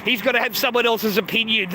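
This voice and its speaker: A man's voice: very high-pitched, fairly even intonation, fairly quick, noisy background. A man hosting a livestream in a crude, sweary ranting chat, mocking his viewers and laughing often. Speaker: livestream host.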